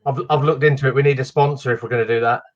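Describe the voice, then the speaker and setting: A man's voice: medium pitch, fairly even intonation, racing. Easygoing man with a dull, lo-fi sound. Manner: easygoing, brief replies, laughs along. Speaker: podcast co-host. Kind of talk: casual live-stream chat.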